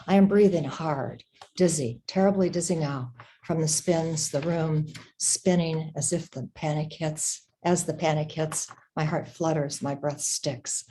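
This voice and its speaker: A woman reading her prose aloud at a literary event, in a measured, slow, dramatic way. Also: deep voice, dark tone. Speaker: reader.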